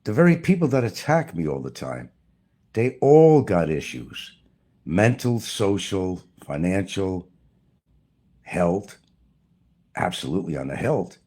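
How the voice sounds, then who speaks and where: A man's voice: low voice, sing-song, a little slow, pauses often, dark tone, husky. A man delivering a blunt, profane, preachy rant as a YouTuber. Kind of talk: ranting monologue to camera.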